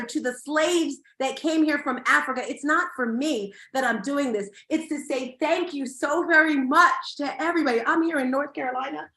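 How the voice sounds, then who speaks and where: A woman giving a live motivational talk to an audience at an event, energetic and emphatic, with loud bursts of excitement. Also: high voice. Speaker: motivational speaker. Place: event hall. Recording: echoey hall.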